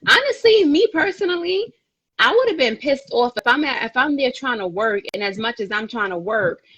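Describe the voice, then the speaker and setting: A woman co-hosting a podcast, speaking bluntly and with plenty of slang and cursing. Her voice sits a little high and has a breathy, husky texture. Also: expressive, moderate pace, fairly bright tone, highs cut off. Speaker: podcast co-host. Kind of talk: casual chat.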